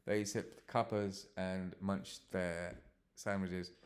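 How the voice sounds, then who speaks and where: A man's voice: low-pitched, level tone, slow pace. A man voicing an eager young female starship reporter who talks in a chatty, slightly nervous way. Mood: earnest.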